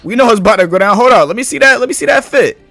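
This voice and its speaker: Excitable high-voiced young gaming YouTuber. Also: male voice, racing, no room sound, faint music behind. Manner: excitable, slangy, hypes and yells at the game. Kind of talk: casual let's-play commentary.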